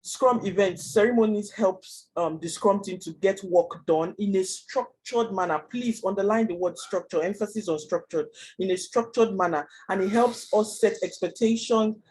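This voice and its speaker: Fast-talking husky man teaching. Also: high voice, a little mellow, poor audio. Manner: fast, chatty explaining with fillers. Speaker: Scrum trainer. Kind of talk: online class lecture.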